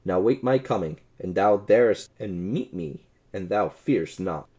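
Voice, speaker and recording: In an audiobook, a man voices a bold, merry outlaw leader, using hearty, old-fashioned speech at a raised pitch. His delivery is animated and unhurried, with a dark tone.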